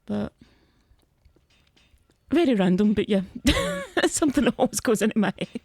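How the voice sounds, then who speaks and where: A woman's voice: fairly high pitch, wildly swooping pitch, a little slow, darkish tone, breathy edge, no echo. A young woman casually commenting as she plays a video game, chatty and easily flustered, laughing often. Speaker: gaming streamer.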